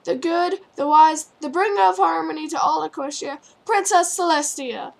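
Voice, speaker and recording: A woman's voice: high voice, normal speed, gravelly. Pompous storybook mayor pony addressing a crowd, voiced by a woman. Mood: announcing. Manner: loud, announcing. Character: formal town mayor pony, female.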